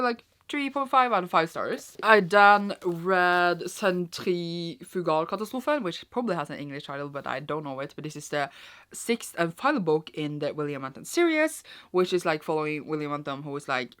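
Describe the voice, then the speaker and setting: Chatty low-voiced young woman vlogger. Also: fairly bright tone. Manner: chatty, rambling, many fillers and restarts. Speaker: book vlogger. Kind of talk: casual book wrap-up vlog. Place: cold room at home.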